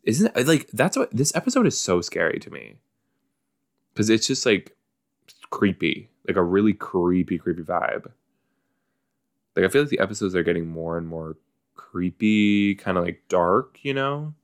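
A man's voice: low-pitched, lively intonation, moderate pace. A man hosting a casual watch-along podcast, reacting chattily to a show with lots of likes and you-knows. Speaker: podcast host reacting to an episode.

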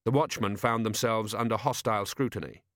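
A man narrating an audiobook in a steady, wry storytelling manner. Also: on the low side, fairly quick, dry recording, clean studio sound. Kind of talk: scripted narration.

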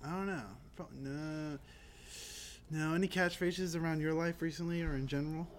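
A man's voice: on the high side, fairly even intonation, moderate pace, slight background noise. A young man co-hosting a podcast, in casual, crude banter that is profane and full of jokes. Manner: joking, profane, laughs often. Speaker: podcast co-host.

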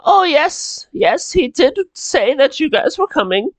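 A man voicing an old maid with a cane, high and sly. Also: big pitch swings, unhurried, dry recording, heavily acted. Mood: sweet.

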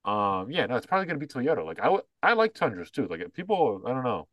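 A man's voice: medium pitch, big pitch swings, fast, no room sound, lo-fi sound. A man co-hosting a podcast in casual chat, blunt and profane, rambling with many fillers. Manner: mocking voices when quoting others. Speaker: podcast co-host.

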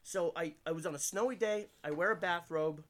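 A man from Pennsylvania tells crude, self-mocking anecdotes at a rapid clip, his voice pitched a little above the usual. He rambles like a comedian guesting on a casual podcast, talking indoors. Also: a bit bright. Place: indoors room.

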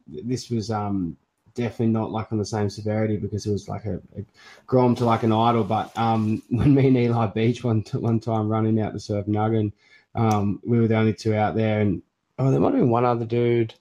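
A man hosting a podcast, chatting casually in relaxed slang with some swearing. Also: on the low side, brisk, low-quality recording. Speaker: podcast host. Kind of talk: casual chat.

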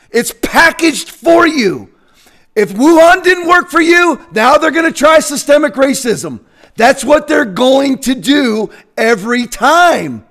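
High-pitched male commentator, combative rant style. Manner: combative, emphatic, bursts into shouting. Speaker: political commentator. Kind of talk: opinion rant.

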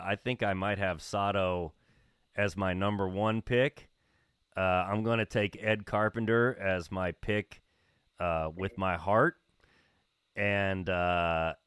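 A man hosting a podcast from a radio studio, speaking in measured, polished broadcaster phrasing. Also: fairly low pitch, fairly bright tone, smooth, no echo. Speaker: podcast host. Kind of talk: casual chat.

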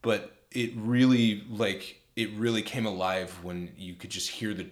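Rambling low-voiced young man. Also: fairly even intonation, a little slow. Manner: rambling, many fillers, enthusiastic. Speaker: podcast co-host, film reviewer. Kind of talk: casual chat.

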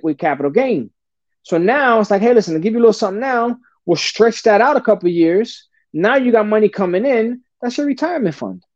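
A high-voiced man rattles through his stories at a fast clip, loose and animated, packing every sentence with slang and curses. The recording is dull and lo-fi, with a dry, close sound and no room around it. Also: dry recording. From New Jersey. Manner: animated, swearing, street slang, says bro a lot. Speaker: podcast guest. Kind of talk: casual storytelling.

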